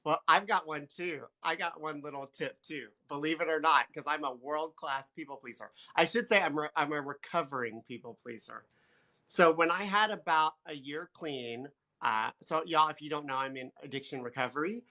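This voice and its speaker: A man co-hosting a casual live stream, chatty and quick to laugh, reading viewer comments aloud. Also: fairly high pitch, sharp tone. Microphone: phone.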